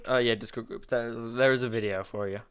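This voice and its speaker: A man's voice: medium pitch, steady tone, fairly quick, smooth. A man hosting a casual podcast, rambling and restarting his sentences. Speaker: podcast host.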